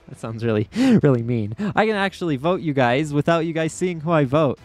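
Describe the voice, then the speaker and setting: A man giving excitable gameplay commentary as a YouTuber, yelping and laughing often as things happen. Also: on the high side. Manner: excitable, quick to yelp and laugh. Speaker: gaming YouTuber.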